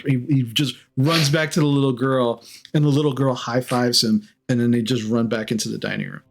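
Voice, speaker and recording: A man's voice: mid-range voice, fairly even intonation, fairly quick, creaky, hardly any pauses. A man narrating as game master of a tabletop game, rambling and using lots of fillers. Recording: faint music behind.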